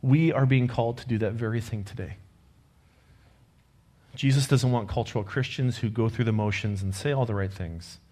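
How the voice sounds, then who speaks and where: A man's voice: medium pitch, normal speed. A man preaching a sermon, telling a personal story in an earnest, conversational way and closing with a prayer. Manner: closes in quiet prayer.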